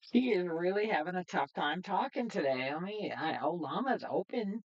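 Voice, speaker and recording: A woman's voice: fairly low pitch, expressive, normal speed, dull audio. A woman streaming casually, chatting in a rambling way with lots of fillers while she tests her setup. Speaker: streamer and developer. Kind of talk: casual livestream chat.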